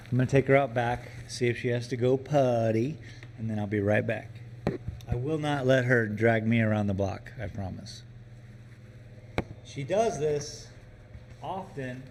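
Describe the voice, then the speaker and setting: A man's voice: medium pitch, normal speed, darkish tone, slight background noise. A man chatting casually on a live stream from a gallery workroom, joking around and teasing his puppy between comments.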